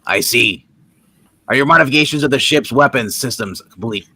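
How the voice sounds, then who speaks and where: A man co-hosting a live comic reading, reading lines aloud in a lively, jokey way. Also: medium pitch, normal speed, breathy edge, no room sound. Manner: lively, jokey, laughs often. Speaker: comic book reader, co-host.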